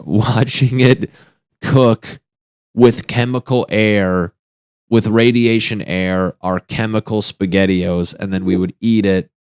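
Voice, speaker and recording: A man's voice: fairly low pitch, no room sound, clean studio sound. A young man hosting a solo comedy podcast, rambling through crude jokes and laughing at his own punchlines. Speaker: podcast host.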